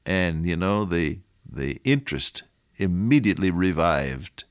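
A man's voice: sits low, expressive, measured pace, no room sound, studio quality. An older man preaching a radio sermon, telling stories and exhorting his listeners with earnest repetition.

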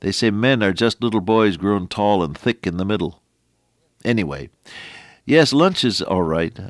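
A middle-aged man with a lowish voice delivers a folksy radio sermon, chatting with the listener between points of scripture. The sound is dry and close, with no room around it. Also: dry recording. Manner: folksy, preacherly, with asides to listeners. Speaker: radio preacher.

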